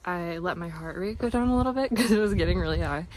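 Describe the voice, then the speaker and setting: Hiking up a mountain trail, a young woman chats upbeat and breathless to her camera for a casual vlog. She speaks quickly in a low, slightly mellow voice, over a music bed with slight background noise.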